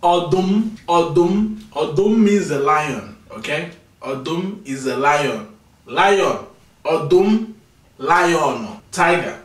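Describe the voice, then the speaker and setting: A tired man teaching vocabulary in a casual video lesson, repeating each word slowly for pronunciation and chatting between drills. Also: on the high side, lively intonation, recorded from a distance. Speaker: language teacher. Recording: echoey room, mic set back.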